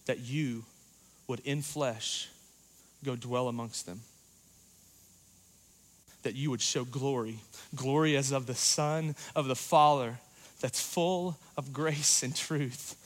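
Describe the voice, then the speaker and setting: A man preaching a sermon in a dynamic, conversational way, swinging between loud passages and hushed ones. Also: mid-range voice, fairly even intonation, slow pace, pauses often. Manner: conversational, uses "like" and "you know".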